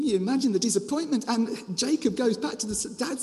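High-voiced Birmingham preacher in a big reverberant hall. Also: male voice, quick pace, hardly any pauses. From Birmingham, England. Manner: lively storyteller with frequent restarts and asides. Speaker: preacher and children's ministry author. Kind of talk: storytelling sermon.

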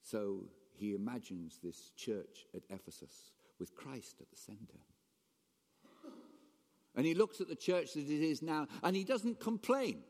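A man preaching a sermon as pastor, animated, swinging between raised emphasis and quiet asides. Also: fairly high pitch. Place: church hall. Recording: long reverb of a church hall.

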